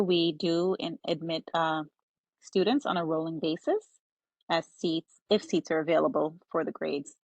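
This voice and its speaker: A woman's voice: sits low, gravelly, no echo, poor audio. A woman who founded and heads a school, answering questions politely on a phone during an online meeting. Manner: polite, measured, slightly unsure. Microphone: phone on a video call.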